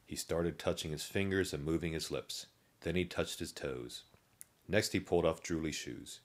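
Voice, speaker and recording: A man narrates a children's story in a steady, gently amused way. His voice is very deep and low. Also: normal speed.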